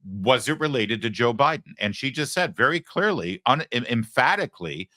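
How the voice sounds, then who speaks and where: A man's voice: medium pitch, sing-song, normal speed, sharp tone, no room sound, clean studio sound. A man hosting a political commentary show, delivering a sarcastic opinion monologue and acting out quoted voices.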